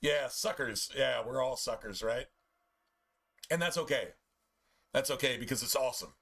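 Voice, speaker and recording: A man chatting casually while streaming a game, telling profane, animated stories about his pets. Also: mid-range voice, moderate pace, vocal fry, breathy edge. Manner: animated, profane storytelling with playful put-on pet voices.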